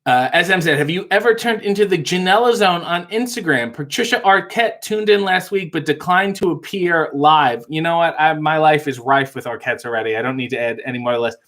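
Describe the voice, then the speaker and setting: A male host reading out live chat comments and answering them with wry, deadpan jokes in a casual live-stream chat. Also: a little high, a little fast, few pauses.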